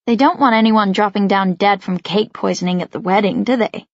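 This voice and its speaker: A woman voicing a cheerful, teasing young man from New York in an audiobook, in a relaxed, grinning manner. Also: mid-range voice, brisk, no room sound, dull audio, lightly acted. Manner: easygoing, grinning.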